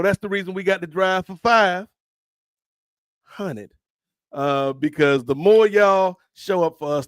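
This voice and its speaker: Podcast co-host, male, slightly high voice, animated storyteller, dry mic. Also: no echo. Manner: animated storyteller acting out dialogue. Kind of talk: casual storytelling chat.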